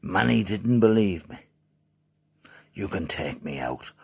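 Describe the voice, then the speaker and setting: Gravelly, furious Irish man ranting. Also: expressive, slow pace. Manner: swearing, swinging between low hushed menace and shouting. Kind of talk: angry direct-to-camera rant.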